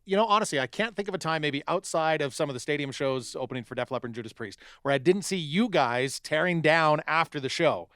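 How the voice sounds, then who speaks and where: A man's voice: a little high, lively intonation, fast, hardly any pauses, fairly bright tone, no echo, clean studio sound. A man co-hosting a podcast, chatting with enthusiasm and filling his talk with "you know". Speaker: podcast co-host. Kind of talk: casual chat.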